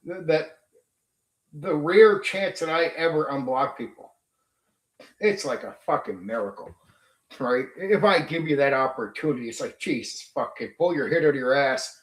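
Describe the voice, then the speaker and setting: A man's voice: a little high, expressive, normal speed. A man with a somewhat raised voice rants on his livestream, blunt and full of swearing. He sounds confrontational and talks straight at his chat. The room around him is echoey. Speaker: streamer hosting a tabletop RPG channel. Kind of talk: livestream rant.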